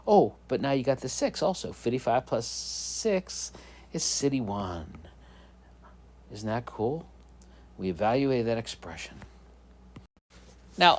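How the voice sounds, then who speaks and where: Playful math teacher, lively pitch. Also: male voice. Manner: playful, jokey, talks to students as kids. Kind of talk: whiteboard math lesson voice-over.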